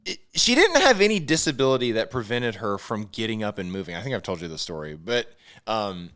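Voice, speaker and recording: A man's voice: lowish voice, very animated, brisk, a bit bright. A man co-hosting a podcast, telling a story from nursing school in casual chat. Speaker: podcast co-host.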